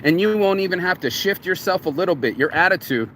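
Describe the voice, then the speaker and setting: A man's voice: sits high, expressive, fast, heavy background noise. A man giving a casual, rambling motivational talk outdoors in a yard, swearing freely as he goes. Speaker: vlogger.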